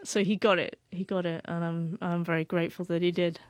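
A woman's voice: on the low side, flat delivery, fairly quick, no echo. Brief: stuttering woman, young adult, author guest, dry close mic, sincere storytelling. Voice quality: stutters, repeats sounds. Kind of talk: emotional personal storytelling.

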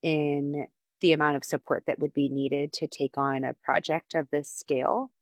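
A woman from a nonprofit speaking in a measured, professional interview. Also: sits low, steady tone, no room sound. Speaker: nonprofit representative.

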